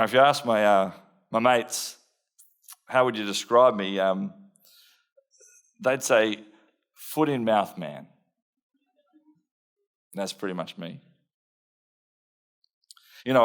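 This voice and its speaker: A man's voice: fairly low pitch, fairly bright tone. Australian man in a dramatised sermon. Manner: earnest first-person storytelling with laughs and self-mockery. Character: impulsive blunt fisherman disciple, man, young adult. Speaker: preacher.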